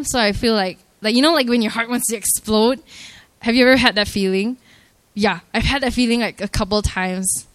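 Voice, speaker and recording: Young woman, faith testimony, halting and filler-heavy, mid-range voice, dry close sound. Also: medium pitch, no room sound. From Malaysia. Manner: hesitant, full of "like" and "um" fillers; earnest and softly emotional. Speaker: church member giving her testimony.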